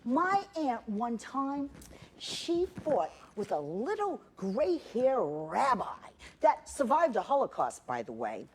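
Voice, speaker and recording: Middle-aged woman, stage storyteller, sardonic and salty, animated delivery with wide pitch swings. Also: slow, a little hiss or hum. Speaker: solo performer. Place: theater stage.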